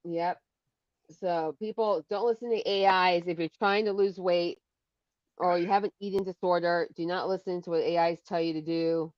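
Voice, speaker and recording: A woman with a fairly low voice chats casually as co-host of a live show, animated as she tells her stories. The sound is dry and muffled, like a lo-fi stream. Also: moderate pace, dry recording. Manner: animated, bursts into shrieks and laughter when acting out scares. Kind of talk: casual storytelling chat. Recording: dull lo-fi sound.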